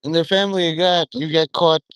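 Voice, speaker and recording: A man's voice: fairly high pitch, fairly even intonation, a little fast, fairly bright tone, smooth, no room sound. Rambling, profane man talking to camera. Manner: profane, stream-of-consciousness, drifting between topics. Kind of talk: rambling monologue to viewers.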